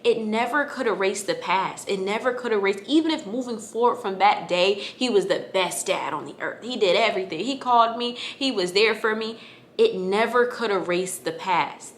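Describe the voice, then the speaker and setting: A woman's voice: medium pitch, moderate pace, slight background noise. A woman in her twenties, talking casually and emotionally as she tells a personal story to her viewers. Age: 20s. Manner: casual and emotional, many fillers like "like" and "y'all". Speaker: vlogger.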